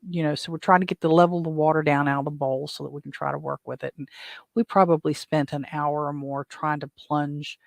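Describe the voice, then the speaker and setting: Higher-voiced man telling a rambling story. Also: creaky, no room sound, clean studio sound. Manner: rambling, self-interrupting, chuckles while telling. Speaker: podcast host. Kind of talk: casual storytelling.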